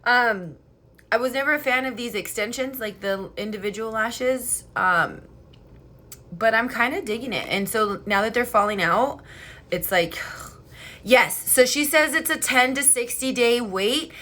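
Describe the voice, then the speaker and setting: A young woman vlogger chatting casually and excitedly, swearing freely as she tells a story. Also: fairly high pitch, measured pace. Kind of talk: casual chat. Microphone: headphone mic.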